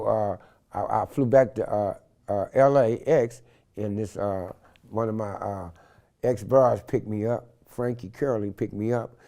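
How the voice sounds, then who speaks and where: An older man from San Francisco, telling stories in an interview with an animated, slangy manner and loud acted-out quotes. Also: on the low side. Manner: animated, acts out quotes loudly, street slang. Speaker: interview guest. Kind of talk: storytelling in an interview.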